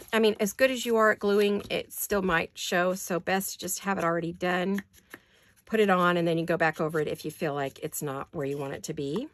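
A woman's voice: mid-range voice, a bit bright, no room sound. An older woman chatting casually while doing paper crafts at her desk, rambling with apologetic asides. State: hiccups.

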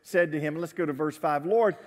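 A pastor delivers a conversational sermon in a high, light voice. He talks with his congregation and asks them questions. A long reverb trails his words from a church livestream. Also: level tone, a little fast. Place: church sanctuary.

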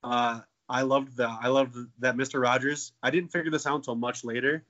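A man's voice: fairly even intonation, fairly quick, fairly bright tone, highs cut off. A man in his twenties co-hosting a casual comedy podcast, joking and swearing and slipping into silly voices. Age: 20s. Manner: jokey, profane, bursts into silly high voices. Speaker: podcast co-host.

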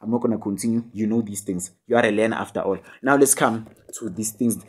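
Speaking fast in a lowish, steady voice, a young South African tutor gives a casual online poetry tutorial. Fillers and tag questions crop up constantly, and he jokes with his students while also scolding them.

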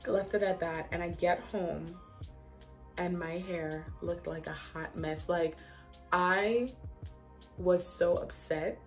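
A woman vlogger talking straight to her viewers in a relaxed, chatty way, her voice sitting a little low. She tells her story animatedly, sprinkling in "like" as she goes, with soft music faintly underneath. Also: takes it slowly. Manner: chatty, animated, heavy use of "like". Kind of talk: casual storytelling vlog.

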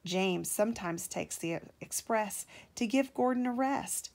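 A woman, a mother, reading a children's storybook aloud to her child in a gentle, measured way. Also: mid-range voice, gravelly.

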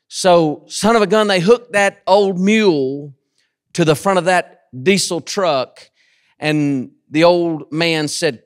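Male pastor, high-pitched, dry close sound, storytelling sermon that climbs to shouts. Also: a little slow, clean tone, no room sound. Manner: folksy storytelling, rising to shouted emphasis. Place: church.

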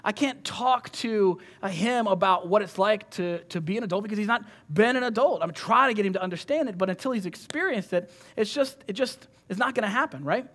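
A man with a high-pitched voice delivers a sermon in a loose, chatty manner. He talks animatedly and often stops and restarts his sentences. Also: brisk, hardly any pauses. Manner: animated, conversational, many restarts. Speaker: preacher.

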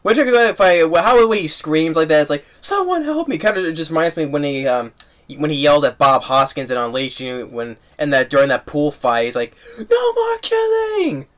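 A man giving a casual, rambling movie review and recapping the plot excitedly with lots of restarts. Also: on the high side, a little fast, smooth.

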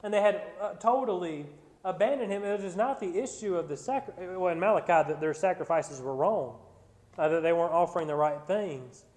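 A man's voice: sits high, brisk, a little mellow. A man preaching a Bible study sermon, reading scripture and then explaining it with growing emphasis and frequent restarts. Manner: repeats words when restarting. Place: church sanctuary. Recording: church sanctuary with long reverb.

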